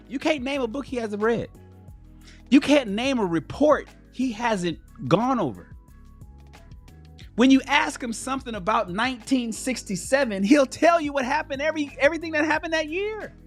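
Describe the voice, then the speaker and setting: A man hosting a livestream who talks in a profane, animated way and acts out the people he quotes. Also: very high voice, moderate pace, soft background music. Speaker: host. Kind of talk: livestream commentary.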